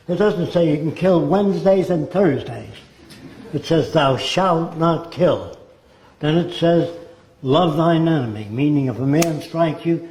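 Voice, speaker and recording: Blunt and sardonic, a man fires off rhetorical questions throughout a lecture-style monologue. His voice leans high and slightly mellow, and the recording sounds roomy and echoey.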